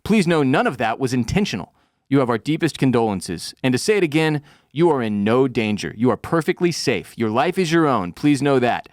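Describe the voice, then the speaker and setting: A man putting on the voice of a calm, overly polite middle-aged male official, speaking in a soothing, reassuring way while retelling a scene. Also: medium pitch, a little fast, no room sound, studio quality, natural voice. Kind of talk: acted quote in a podcast recap.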